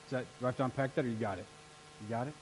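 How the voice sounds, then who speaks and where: A man preaching a sermon as pastor, energetic and rallying his congregation to answer back. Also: mid-range voice, very fast, slight background noise, rough recording. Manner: energetic, rallies the congregation with call-and-response. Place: church sanctuary.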